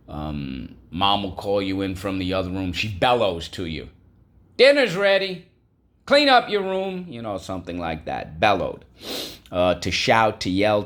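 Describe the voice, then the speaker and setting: A man teaching a classroom vocabulary and phonics lesson, patient and repetitive, prompting the class to repeat words. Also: low-pitched.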